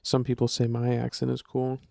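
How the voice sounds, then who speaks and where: A man's voice: medium pitch, completely flat delivery, fairly quick, gravelly, mellow, no room sound. A man with a slight Southern American accent chatting casually on a podcast, rambling and self-deprecating, often trailing off. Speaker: podcast co-host, partner. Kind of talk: casual chat.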